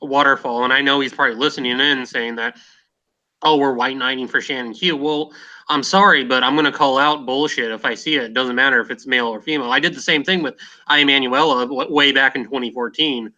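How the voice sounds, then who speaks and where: Bright-voiced man hosting a lo-fi podcast. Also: mid-range voice, steady tone, fairly quick. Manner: hesitant, many fillers and restarts. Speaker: podcast host. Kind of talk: casual podcast discussion.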